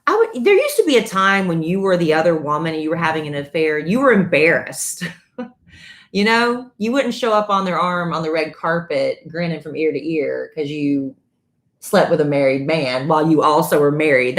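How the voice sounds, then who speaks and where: A woman co-hosting a casual podcast, making blunt, sarcastic remarks. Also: low voice. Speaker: co-host.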